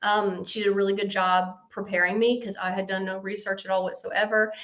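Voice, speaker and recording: Hosting a live stream, a woman tells a story casually and with animation, poking fun at herself and acting out both sides of the conversation. Her mid-range voice moves briskly.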